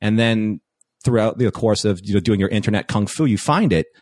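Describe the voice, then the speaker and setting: A man's voice: fairly low pitch, brisk, darkish tone, dry recording, studio quality. A man casually telling a long story, with restarts and quoted dialogue along the way.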